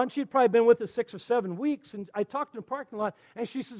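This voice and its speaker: High-voiced storytelling church elder in his 60s. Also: quick pace, few pauses, lo-fi sound. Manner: animated, folksy storytelling with quoted dialogue. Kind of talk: storytelling sermon.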